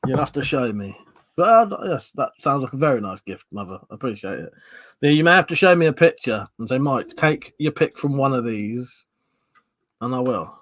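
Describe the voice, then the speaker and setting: A man's voice: medium pitch, very animated, moderate pace, a bit bright, dry recording. Sweary Southern English man hosting a stream. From Southern England. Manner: swears freely, banters and reads viewer comments aloud. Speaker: live stream host. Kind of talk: casual live stream chat.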